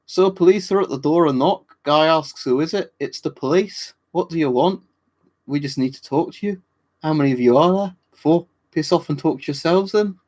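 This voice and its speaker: A man reading out a joke in a deliberately bad put-on Scottish accent, voicing the police and a grumpy householder, pitched higher than his usual voice. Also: darkish tone, lightly acted. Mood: joking.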